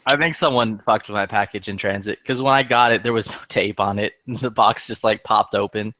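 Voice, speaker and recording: A man's voice: on the low side, fairly quick, no echo. A man in casual chat, retelling a story in a heated, profane way and acting out the other people's lines. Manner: profane, heated, animated retelling with quoted dialogue. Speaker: podcast regular.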